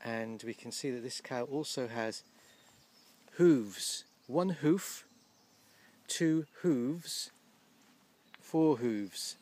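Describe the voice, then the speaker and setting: A man giving casual, gently humorous commentary outdoors by a field, slowly explaining English words as he films. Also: medium pitch. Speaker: vlogger teaching English.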